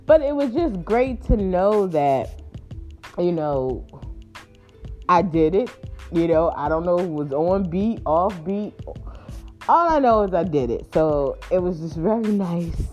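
A woman spins a funny personal story in a casual, laughing way. Her voice is mellow, and her pitch jumps around with lively swings. Soft music plays faintly in the background. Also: measured pace. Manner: playful, laughing, chatty, addresses listeners as y'all and honey.

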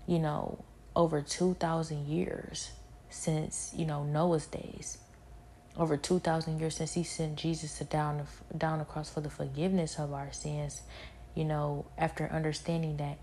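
A woman giving a spoken personal testimony, halting and repetitive, with many fillers. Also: low voice, vocal fry, dark tone, slight background noise.

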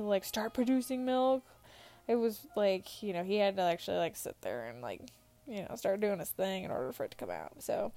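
A woman's voice: medium pitch, darkish tone. A young adult woman, a new mother, chatting casually and laughing often, with many filler words as she answers questions. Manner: chatty, giggly, lots of "like" fillers. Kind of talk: casual chat.

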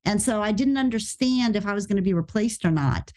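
An American woman telling stories as a guest on a podcast, her voice sitting in an ordinary middle register. She talks in a casual, animated way and rushes through her anecdotes. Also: medium pitch. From United States. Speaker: actress guest.

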